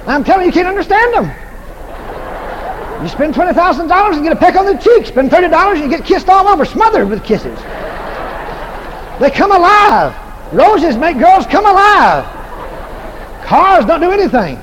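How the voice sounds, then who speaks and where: A man's voice: extremely high pitch, very animated, moderate pace, pauses often, fairly bright tone. Brief: folksy, humorous male preacher, repetitive delivery, faint background noise. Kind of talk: sermon. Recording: echoey hall, faint noise.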